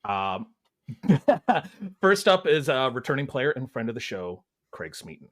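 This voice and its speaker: A man hosting a casual podcast at an ordinary, mid-range pitch. He talks in an easygoing way, telling a short story and then introducing the guests. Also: sing-song, slow pace, a bit bright. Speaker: podcast host. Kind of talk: casual chat and show introduction.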